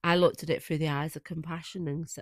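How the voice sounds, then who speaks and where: Co-host, woman, husky with a cold, thoughtful and open, dry sound. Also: low voice, level tone, quick pace, no room sound. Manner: reflective, emotional storytelling. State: croaky with a cold. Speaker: podcast co-host. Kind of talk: casual chat.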